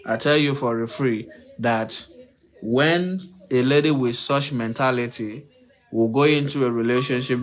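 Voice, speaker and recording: Male livestream host at an average pitch who lectures on relationships, talks straight to his audience and presses his points home. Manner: preachy, repetitive, uses rhetorical questions; addresses listeners directly and emphatically. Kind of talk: unscripted livestream monologue.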